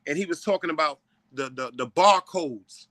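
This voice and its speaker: Bright-voiced New man, earnest. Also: on the high side, normal speed, no echo, studio quality. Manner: earnest, emotional storytelling with repeated words. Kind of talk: casual chat.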